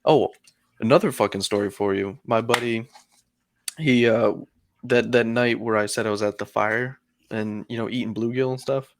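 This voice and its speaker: A man's voice: medium pitch, steady tone, normal speed, no room sound. A man co-hosting a podcast, telling a long story in casual chat with lots of fillers and some swearing. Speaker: podcast co-host.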